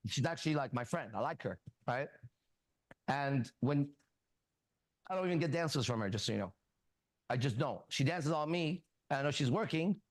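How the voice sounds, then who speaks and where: A man hosting a casual talk show, coaching a younger man bluntly and profanely and telling animated stories with quoted dialogue. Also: medium pitch, moderate pace, long pauses, no echo. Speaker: host. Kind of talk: casual advice talk and storytelling.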